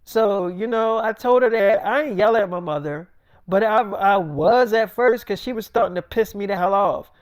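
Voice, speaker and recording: A young man with a high, smooth voice spins a loose, improvised story, swearing freely and padding it with fillers. He sounds close and dry, with no room around him. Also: moderate pace, dry recording. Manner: casual, profane, rambling with many fillers.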